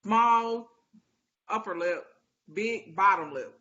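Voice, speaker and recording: Slow, hesitant woman, bright tone. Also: medium pitch, muffled recording. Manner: hesitant, trailing off, unsure. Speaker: class participant. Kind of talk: casual chat.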